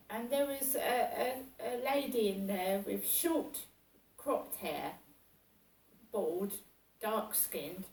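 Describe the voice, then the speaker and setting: Woman, unhurried rambling storyteller, highish voice, recorded from across an echoey room. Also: slight background noise. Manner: rambling and halting, with many fillers and restarts. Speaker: vlogger. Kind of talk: casual personal storytelling. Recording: roomy sound from a distance.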